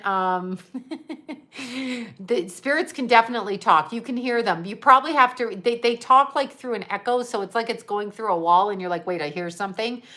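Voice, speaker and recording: A woman's voice: a little high, fairly bright tone. A woman working as a psychic medium, chatting casually on a livestream, rambling and laughing as she answers viewers. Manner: rambling, chatty, laughs often, reads viewer comments aloud.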